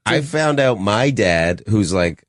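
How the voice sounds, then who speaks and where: A man from Canada, a guest on a studio podcast, telling anecdotes with dry deadpan humor. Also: on the low side, slow. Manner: dry deadpan jokes, puts on voices in anecdotes. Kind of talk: casual chat.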